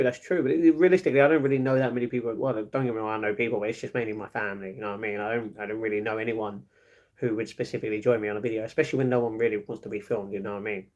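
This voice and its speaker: A young man with a London accent, chatting quickly and rambling as he reads and answers his live chat. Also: mid-range voice, darkish tone. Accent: London English. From England. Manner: fast, chatty, rambling with fillers. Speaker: live streamer.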